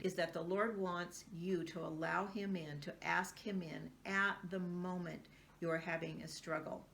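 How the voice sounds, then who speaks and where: Gravelly low-voiced woman sharing earnestly. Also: steady tone, unhurried, a bit bright. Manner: earnest, reflective, with frequent ums. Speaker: homeschooling vlogger. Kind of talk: personal faith sharing, casual monologue.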